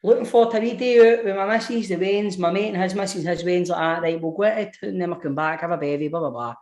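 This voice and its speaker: Animated Scottish man telling a story. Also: high-pitched, fast. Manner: animated, swears often, laughs through his stories. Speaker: podcast co-host. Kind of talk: casual chat, storytelling.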